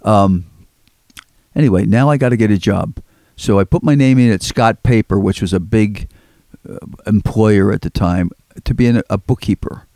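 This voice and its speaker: A dark-toned, lowish male voice at normal speed belongs to an older record collector from Philadelphia. Guesting in an interview, he tells rambling stories, says words over again, and acts out what people said. The studio recording is dry.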